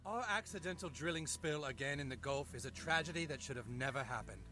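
An actor playing a middle-aged cartoon oil company boss who keeps repeating slow, hollow apologies. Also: male voice, medium pitch, lively intonation, sharp tone, faint music behind. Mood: hollow apology. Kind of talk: cartoon voice acting.

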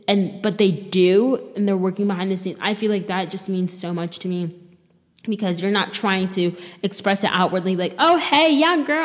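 A woman's voice: medium pitch, a little mellow, in a large hall. A young woman hosting a solo podcast, talking in a rambling, chatty way full of fillers and restarts. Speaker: podcast host. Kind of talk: casual solo podcast sign-off.

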